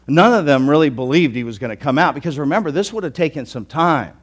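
A pastor preaches a sermon, telling the story with animation, acting out quoted thoughts and swinging between loud declarations and hushed asides. His mid-range voice has lively intonation and moves a little fast.

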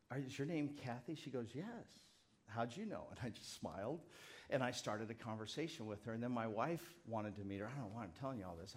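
Pastor, man in his fifties, middle-pitched voice, casual rambling sermon with jokes at his own expense. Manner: chatty, rambling, self-deprecating humor.

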